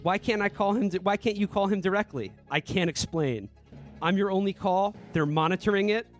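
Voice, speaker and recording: A man's voice: sits high, brisk, faint music behind. Man doing a mock-earnest reading. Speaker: podcast co-host reading a novel aloud. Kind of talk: comedic dramatic reading with banter.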